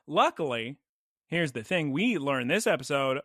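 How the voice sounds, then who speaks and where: A young man co-hosting a podcast, recapping an anime episode in excitable play-by-play and calling out attack names. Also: a little high, moderate pace, no room sound, studio quality. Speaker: podcast co-host. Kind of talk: casual anime recap chat.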